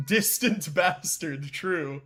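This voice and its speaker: A man's voice: a little high, slow pace, sharp tone. A man streaming a game live, chatting casually and animatedly and laughing often.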